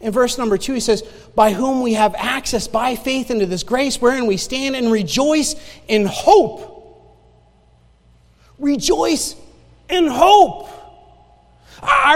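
A man with a high-pitched voice tells his own story from the pulpit in a church with a long reverb trail. He moves from hushed, quick asides to loud, exclaimed lines. He laughs along with the congregation as he goes. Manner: animated storyteller, swings between loud exclamation and quiet asides, laughs often. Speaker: guest preacher giving testimony. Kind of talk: sermon testimony. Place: church sanctuary.

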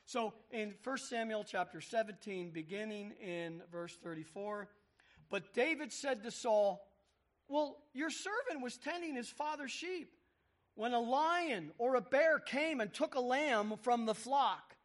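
A man's voice: extremely high pitch, unhurried. A man preaching a sermon, reading scripture aloud and acting out the voices with emphasis.

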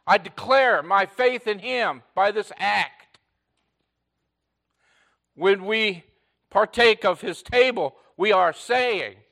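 A man preaching a sermon in short, repeated phrases, rising to loud emphasis and dropping to a hush. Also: sits high, slow pace, creaky, long pauses. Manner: swings between loud emphatic lines and hushed near-whispers. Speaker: pastor.

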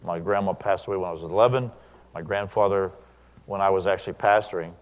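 A middle-aged man, a pastor, preaching a sermon, animated when he acts out quoted dialogue and quiet when he reflects. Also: deep voice, fast, in a large hall.

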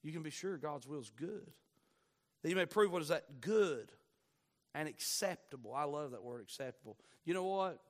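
A man delivers a sermon in a high, bright-edged voice. He swings between hushed, intimate asides and fervent climaxes, drawing out key words for emphasis. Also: lively intonation, moderate pace. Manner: impassioned, surging from quiet to near-shouting. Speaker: pastor.

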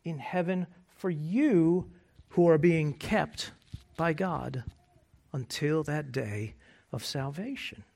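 A man preaching a sermon as pastor, conversational and joking, moving between quiet asides and loud emphasis. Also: a little high, slow, gravelly. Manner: conversational and self-deprecating humor.

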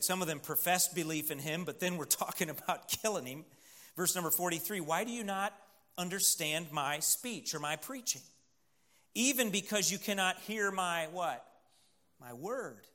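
A man preaching a sermon, emphatic, pausing for the congregation to fill in words. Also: on the high side, pushed and bright. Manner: emphatic preaching with call-and-response pauses. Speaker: pastor.

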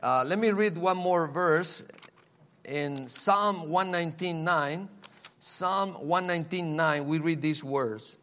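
A man preaching a sermon in a slow, earnest way, often repeating key phrases. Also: a little high, a bit bright.

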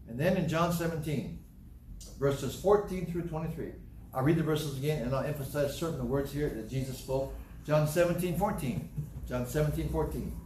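A man's voice: a little high, normal speed, a little mellow, a little hiss or hum. A man preaching a Bible teaching sermon, emphatic, repeating phrases and asking and answering his own questions. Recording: echoey room, voice from a distance.

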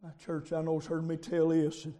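A man preaching a revival sermon, moving from quiet storytelling to loud shouting. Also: fairly high pitch, completely flat delivery, a little fast. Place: camp meeting with congregation. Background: congregation calling amens.

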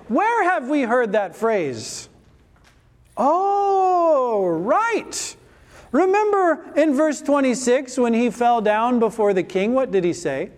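A man's voice: very high-pitched, long reverb tail. A man preaching a sermon as pastor, driving his points home with rhetorical questions and rising emphasis.

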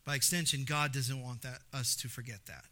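Animated pastor preaching, bright voice. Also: male voice, mid-range voice, brisk. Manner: animated storytelling with acted-out exclamations; emphatic, repeats phrases for stress. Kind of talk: sermon.

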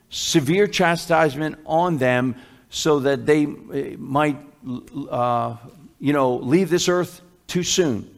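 A man's voice: on the high side, creaky. A man preaching a sermon as a pastor, conversational, with many fillers and restarts.

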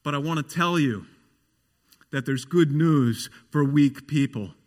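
A man's voice: fairly high pitch, unhurried. A man preaching a sermon as pastor, earnest and often asking the congregation questions. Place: church. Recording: long hall reverb.

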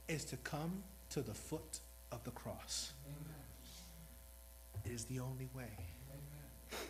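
A man's voice: medium pitch, slow, pauses often, slight background noise, low-quality recording. A man preaching a sermon in an earnest, rambling, self-deprecating way, new to speaking before this congregation. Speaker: lay preacher.

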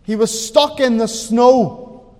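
A high-voiced man preaching a sermon at a slow, deliberate pace. His delivery swings from hushed words to ringing emphasis, with a long reverb trailing behind him in the hall. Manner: slow, dramatic, swings between quiet and loud. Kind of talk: sermon storytelling.

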